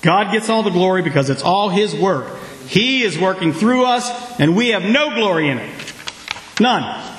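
A man with a high voice preaches to his congregation, calling for responses and bursting into sudden shouts. The sound is roomy and echoing off the walls of the church sanctuary. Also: lively intonation, normal speed, slight background noise. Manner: preaching with call-and-response, sudden loud outbursts. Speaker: pastor. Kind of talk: sermon.

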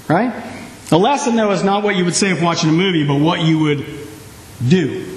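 A man preaching a sermon, telling the story with lively, acted-out reactions. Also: high voice, normal speed, long pauses, a little hiss or hum. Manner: animated storytelling, acting out reactions. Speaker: pastor. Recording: echoey hall.

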